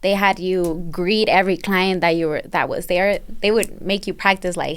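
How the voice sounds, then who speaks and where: A woman's voice: on the low side, steady tone, normal speed, hardly any pauses, clear, resonant tone. A woman who owns a barbershop, a guest on a podcast, telling her story in a friendly, easygoing way. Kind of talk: casual podcast interview.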